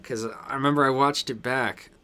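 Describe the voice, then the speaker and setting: A man with a transatlantic accent hosting a casual live stream, reading chat aloud and answering in halting, restarting sentences. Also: medium pitch, steady tone, bright, forceful tone, clear, resonant tone.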